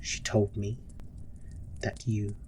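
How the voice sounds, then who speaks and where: A man's voice: lowish voice, level tone, takes it slowly, mellow, slight background noise. A man voicing a stern, strict orphanage matron in a tabletop game, talking in a harsh, lecturing way over faint music. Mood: hushed stern. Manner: harsh, lecturing, pleading when trapped.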